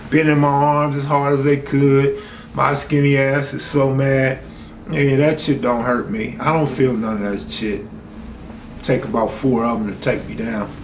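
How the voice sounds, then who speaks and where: Streetwise LA man telling a story. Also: medium pitch. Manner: streetwise, profane, acts out quotes with raised voice. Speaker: host telling a true story. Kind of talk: casual storytelling. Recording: echoey room, faint background hum.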